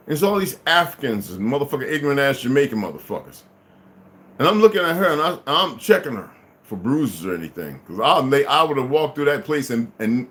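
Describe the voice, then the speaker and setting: A man's voice: medium pitch, a bit bright. A man in his fifties delivering a heated, profane, unscripted monologue as a vlogger.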